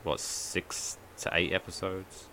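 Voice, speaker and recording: A man co-hosting a podcast in casual chat, animated storytelling with free swearing. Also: low voice, slow. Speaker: podcast co-host.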